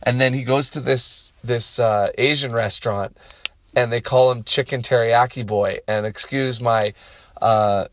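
A man's voice: mid-range voice, steady tone, measured pace, a little hiss or hum. A young adult man from Canada rambling profanely and self-deprecatingly in a casual solo monologue.

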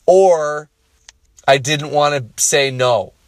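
A man's voice: fairly high pitch, slow pace, no echo. A young adult man from Canada rambling profanely and self-deprecatingly in a casual solo monologue.

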